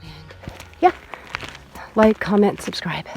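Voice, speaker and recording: A hiking vlogger talks in a slow, meandering way, filling gaps with ums as the words drift along. The voice is nasal and congested, and the breathing is heavy from the climb. It is recorded outdoors on a trail, with music playing clearly underneath. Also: medium pitch, warm tone, poor audio. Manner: meandering, easygoing, many fillers. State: congested from illness. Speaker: traveling vlogger. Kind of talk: casual rambling vlog talk while hiking.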